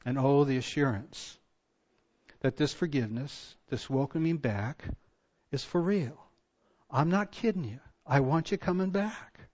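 A man preaching a sermon as pastor, full of passion and rhetorical questions, his voice swinging from loud to hushed. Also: fairly high pitch, lively intonation, unhurried, highs cut off.

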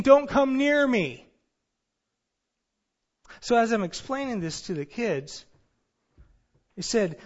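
A man's voice: high-pitched, muffled recording. A male pastor preaching a sermon in a church sanctuary, earnest and storytelling, with some fillers.

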